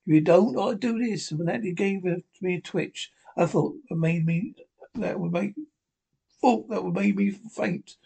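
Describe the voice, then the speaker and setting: High, gravelly man reading aloud. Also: steady tone, normal speed, darkish tone. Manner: stumbling reading with frequent restarts. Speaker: audiobook narrator.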